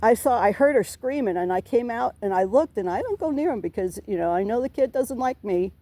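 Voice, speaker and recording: Aggrieved middle-aged woman, rambling and mellow. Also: a little high, lively intonation, a little fast, no echo. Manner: rambling and aggrieved, swears, restarts often. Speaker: tenant reporting harassment to police. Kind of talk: emotional complaint to an officer.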